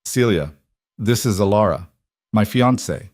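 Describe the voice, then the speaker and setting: A man voicing a cool, controlled mob boss in a storybook thriller, calm and smooth with every line. His voice is low and the sound is dry and close. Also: a little slow, no echo.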